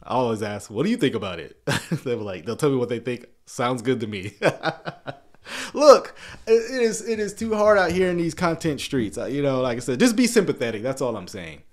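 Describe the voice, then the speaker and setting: A man's voice: mid-range voice, sing-song, normal speed. A man in his thirties hosting a casual livestream, chatty and rambling, often restarting his words and laughing. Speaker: YouTube channel host.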